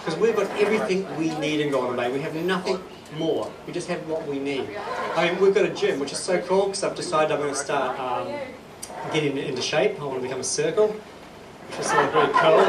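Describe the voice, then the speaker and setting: A man with a New Zealand accent telling rambling, self-deprecating stand-up stories on a club stage, with laughter behind him. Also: on the high side. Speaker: stand-up comedian. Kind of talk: stand-up comedy. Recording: echoey club from a distance, noisy. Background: audience laughter.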